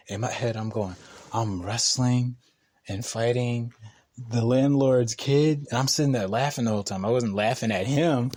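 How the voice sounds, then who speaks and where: Brief: young man, low-ish voice, slangy podcast storyteller, laughs a lot, rambles. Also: normal speed, darkish tone. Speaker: podcast co-host. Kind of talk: casual storytelling chat.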